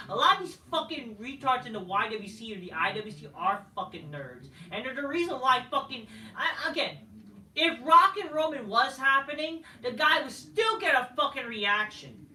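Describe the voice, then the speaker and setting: A man's voice: very high-pitched, lively intonation, normal speed, sharp tone. A man reviewing a wrestling show in a heated, mocking, profanity-filled rant. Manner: heated, swears constantly, mocking. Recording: roomy and distant from the mic.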